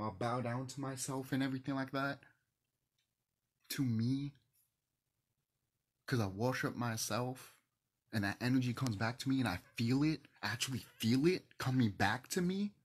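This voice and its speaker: A man ranting in a passionate monologue to camera, swinging between loud outbursts and hushed near-whispers, emotional and swearing. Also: mid-range voice, slightly rough. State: emotional, teary. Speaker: video host.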